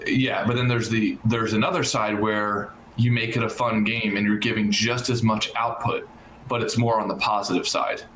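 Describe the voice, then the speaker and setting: A man's voice: on the low side, level tone, moderate pace, fairly bright tone, echoey room, slight background noise, poor audio. A man co-hosting a podcast in casual chat, hesitant, with many "like"s and "um"s. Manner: hesitant, fills with "like" and "um", short affirmations. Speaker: podcast co-host.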